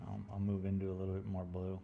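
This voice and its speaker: A man talking casually to his viewers while painting, thinking aloud in an unhurried way. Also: sits low, completely flat delivery, gravelly, narrow, tinny audio. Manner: murmured, unhurried thinking aloud, playful sound effects. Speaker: painter streaming live. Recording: faint background noise.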